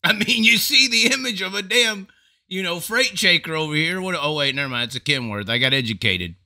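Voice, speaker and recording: Bright, high-voiced profane racing commentator. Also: male voice, fairly quick. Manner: animated, profane, laughing asides. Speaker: racing show host. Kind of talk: casual commentary.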